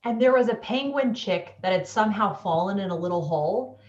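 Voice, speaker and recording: A woman co-hosting a relaxed book discussion, rambling through stories with plenty of filler words. Her voice sits at a middle pitch. The audio is roomy and a little dull, like an echoey video call. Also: brisk, recorded from a distance. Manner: chatty storyteller, many "like"s. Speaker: book club co-host. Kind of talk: casual book chat.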